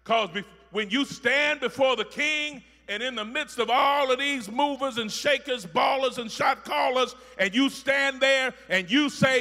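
High bright-voiced preacher, rhythmic repetition. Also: male voice, expressive, moderate pace, few pauses, in a large hall. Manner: builds from soft talk to shouting; repeats phrases rhythmically. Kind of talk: sermon.

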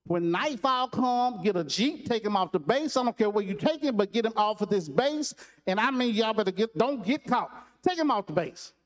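A preacher putting on a fussing Marine sergeant. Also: male voice, high voice, animated, moderate pace, hardly any pauses, voice pushed up. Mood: commanding. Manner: fussing, scolding, barking orders. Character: blustering middle-aged male Marine sergeant.

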